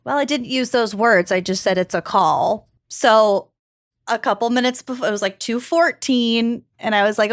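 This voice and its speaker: A woman's voice: fairly high pitch, moderate pace, no room sound, studio quality. A woman co-hosting a podcast, telling a story in a giggly, casual way. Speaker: podcast co-host. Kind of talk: casual chat.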